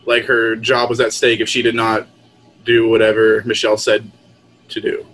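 A man's voice: lowish voice, completely flat delivery, moderate pace, fairly bright tone, a little hiss or hum, low-quality recording. A man in casual comedic chat, laid-back and teasing, speaking over a call. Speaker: co-host. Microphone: call audio.

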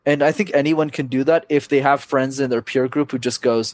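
A man's voice: medium pitch, fairly quick, no echo. Young guy coaching on public speaking, punchy and emphatic, talks it up like a podcast guest. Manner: energetic, emphatic advice-giving.

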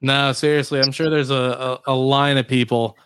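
A man's voice: medium pitch, flat delivery, moderate pace, a bit bright, smooth, no echo. A man hosts a sports talk show and answers callers with short, wry remarks. His voice sits in the middle range. The sound is dry and close. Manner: brief, wry interjections. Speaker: sports radio host.

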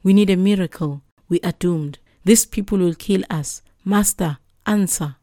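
Lady putting on a scared servant guy, pleading, kinda low and mellow. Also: moderate pace, no room sound, studio quality, lightly acted. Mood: panicked. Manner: pleading, anxious. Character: panicked male servant of a prophet.

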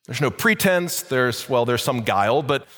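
Male pastor, mid-pitched, chatty sermon full of "uh"s, echoing sanctuary. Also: lively intonation, normal speed, a bit bright. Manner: conversational preaching with many fillers and restarts.

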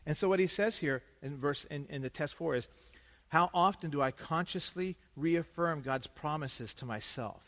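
Animated pastor in a reverberant hall. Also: male voice, a little high, normal speed. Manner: animated, swinging from loud emphasis to hushed asides. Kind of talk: sermon. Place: church sanctuary.

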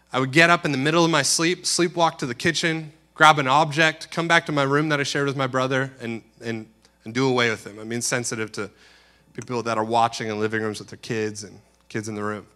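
A man preaching a sermon, telling a personal story earnestly, dropping to a hush and rising again. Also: mid-range voice. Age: adult. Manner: earnest storytelling, swings from hushed to loud. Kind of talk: sermon testimony.

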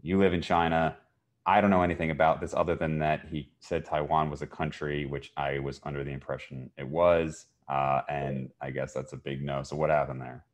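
A man with a very deep voice hosts a podcast in a casual way. He reacts briefly and asks easygoing questions. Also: flat delivery, fairly quick. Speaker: podcast host. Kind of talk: casual chat.

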